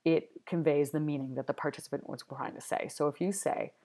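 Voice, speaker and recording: A woman's voice: low voice, fairly even intonation, brisk, dark tone. A woman giving a recorded university lecture, thinking aloud with frequent ums, uhs and restarts. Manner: hesitant, many ums and restarts.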